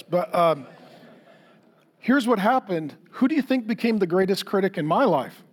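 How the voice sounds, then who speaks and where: A man's voice: high voice, lively intonation, moderate pace, big-room sound. A middle-aged man preaching a sermon as a pastor, conversational and self-deprecating, often acting out quoted dialogue.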